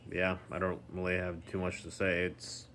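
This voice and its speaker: A man talking casually in a daily vlog, rambling slowly with many ums and restarts while recovering at home and sounding tired. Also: low-pitched, monotone, fairly bright tone, slight background noise. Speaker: vlogger.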